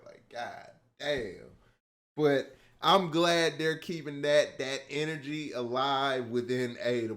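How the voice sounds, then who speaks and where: A man hosting a casual TV reaction video, talking to his viewers, swinging from quiet musing to loud excited hype. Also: mid-range voice. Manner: excitable, addresses viewers as y'all, drifts between hushed musing and loud hype.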